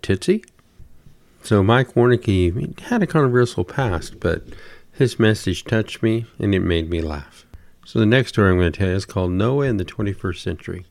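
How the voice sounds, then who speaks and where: A man tells humorous stories in a folksy, deadpan way. His voice sits low, and the sound is dry and close, with no room around it. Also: vocal fry, dry recording. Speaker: storyteller. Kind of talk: humorous storytelling.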